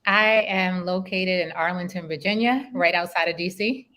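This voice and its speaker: A woman's voice: fairly low pitch, normal speed, sharp tone, a little hiss or hum. A woman joining a live stream panel by video call, easygoing and chatty, laughing easily. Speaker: panel guest. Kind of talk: casual panel chat.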